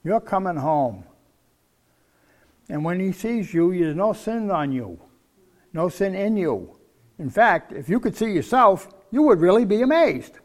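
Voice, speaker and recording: A man's voice: high voice, sing-song, measured pace, long pauses. An older man preaching a sermon, teaching from the Bible in a folksy, conversational way.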